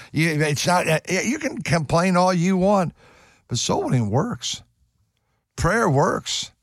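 A man's voice: fairly high pitch, no room sound, studio quality. An older man preaching a fervent sermon, now and then breaking into sung hymn lines. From United States.

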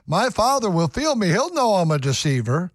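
A man's voice: sits high, sing-song, normal speed, no room sound, clean studio sound, voice pushed up. A preacher voicing an anxious young man who frets and pleads while reading a scripture scene aloud. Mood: worried.

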